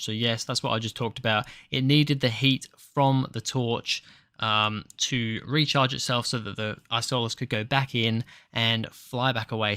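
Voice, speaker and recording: A man talks through a TV episode review in a loose, meandering way, often pausing on ums and restarting his sentences. His voice sits at an ordinary middle pitch for a man. The sound is dry and close, with no room echo. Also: sharp tone. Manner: hesitant, filler-heavy, rambling. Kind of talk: casual spoken review.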